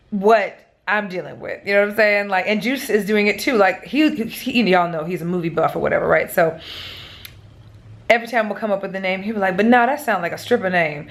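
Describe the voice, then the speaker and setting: A young woman, pregnant, chats straight into the camera in a relaxed vlog. She is blunt and swears freely, with lots of fillers. Her voice sits at a middle pitch. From American Midwest. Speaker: vlogger. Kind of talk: casual chat to camera.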